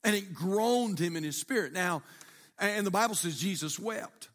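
Brief: high-voiced pastor, emphatic and conversational, preaching in an echoing church. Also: male voice, lively intonation, moderate pace, a bit bright. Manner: repetitive, emphatic, conversational, asks the congregation questions. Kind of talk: sermon. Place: church sanctuary. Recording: reverberant church hall.

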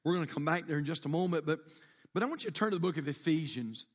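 Brief: high-voiced pastor, emphatic and conversational, preaching in an echoing church. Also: male voice, lively intonation, very fast. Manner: repetitive, emphatic, conversational, asks the congregation questions. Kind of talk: sermon. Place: church sanctuary. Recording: reverberant church hall.

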